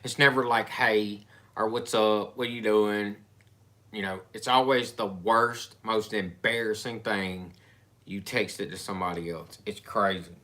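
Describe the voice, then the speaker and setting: A man's voice: fairly low pitch, steady tone, measured pace, bright, forceful tone. A man chatting casually on a livestream, telling easygoing stories.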